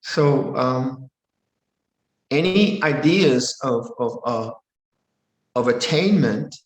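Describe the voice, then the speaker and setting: An older man, a Buddhist monk, giving a calm dharma talk and answering a question, often repeating and restarting his phrases. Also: mid-range voice, extremely slow. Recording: roomy echo.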